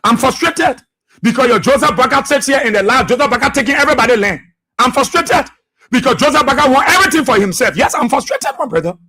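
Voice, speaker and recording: A man with a Liberian accent hosting political talk radio, impassioned and repetitive, with a husky voice. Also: extremely high pitch, lively intonation, quick pace, sharp tone. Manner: repetitive, impassioned, laughing jabs at opponents. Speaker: radio station boss and talk show host.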